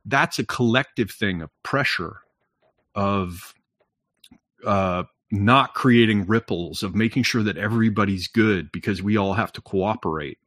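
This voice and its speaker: Blunt, swearing man holding forth in casual talk, low voice, dry close sound. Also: a little slow, a bit bright, no room sound. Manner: blunt, profane, lecturing with frequent "right?". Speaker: podcast talker. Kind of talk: casual chat.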